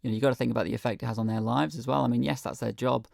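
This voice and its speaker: A man's voice: mid-range voice, steady tone, racing, gravelly, a little mellow, no echo, clean studio sound. A man speaking as a guest in a radio interview, earnest and hesitant, with many ums. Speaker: guest, hospital patient. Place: radio studio.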